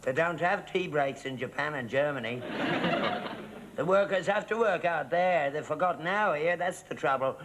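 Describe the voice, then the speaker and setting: A man's voice: a little high, animated, moderate pace, fairly bright tone, slight background noise, low-quality recording. An actor playing a stubborn, cheeky older father with a London working-class accent, smug and mocking. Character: cheeky old Tory-loving father, stubborn. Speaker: sitcom actor. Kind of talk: studio sitcom acting.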